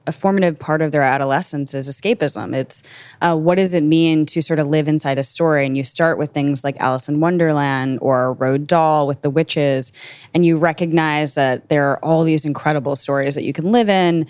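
A woman documentary filmmaker from Minnesota, raised in New Jersey and New York, telling stories in a lively way and laughing easily during an interview. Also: low-pitched, moderate pace, smooth, dry recording. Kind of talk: casual interview conversation.

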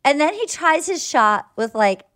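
High-voiced woman gossiping animatedly. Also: moderate pace. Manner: animated storytelling, acting out quotes, swears freely. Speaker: podcast co-host. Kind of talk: casual gossip recap.

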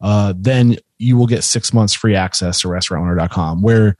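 A man hosting a webinar conversation, enthusiastic and a little halting as he talks. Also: fairly low pitch, darkish tone, dry recording. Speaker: podcast and webinar host.

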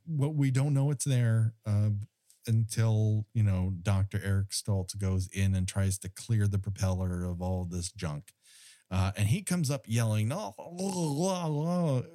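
A man hosting a casual film recap podcast, wry and profane, telling the story with lively asides. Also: on the low side, measured pace, no room sound, clean studio sound. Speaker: former studio tour guide. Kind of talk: casual chat.

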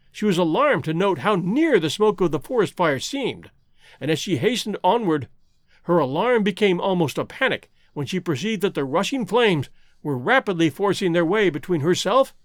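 A man reading an adventure story aloud as an audiobook narrator, with dramatic, expressive delivery. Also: high-pitched, normal speed, dry recording, studio quality. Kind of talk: scripted narration.

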